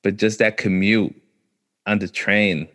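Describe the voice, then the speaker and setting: A man's voice: lowish voice, fairly even intonation, slow pace, fairly bright tone. A man with a New York accent, chatting casually and telling stories in laid-back street slang. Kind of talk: casual chat.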